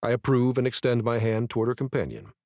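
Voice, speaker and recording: A man's voice: mid-range voice, lively intonation, fast, darkish tone, no echo. Male audiobook narrator, first-person romance, mid voice, dry studio read.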